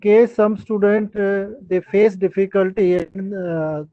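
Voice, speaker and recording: A male university professor, speaking haltingly with many pauses over a video call. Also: high-pitched, steady tone, no room sound. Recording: dry dull breaking call audio.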